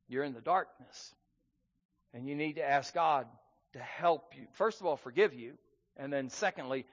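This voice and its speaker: A man's voice: on the high side, a bit bright. A man preaching a sermon in an earnest manner, reading scripture aloud with rising emphasis. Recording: muffled sound in a hall with long reverb.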